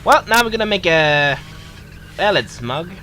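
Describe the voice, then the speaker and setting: A man giving casual, excitable gameplay commentary, laughing, humming and exclaiming. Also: high-pitched, measured pace, a little hiss or hum, low-quality recording. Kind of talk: casual let's-play commentary.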